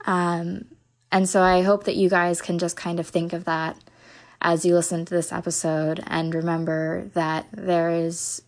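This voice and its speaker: A woman hosting a podcast in a casual, rambling, self-mocking way, tired after a night without sleep, recorded at a venue during sound check. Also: fairly low pitch. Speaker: podcast host.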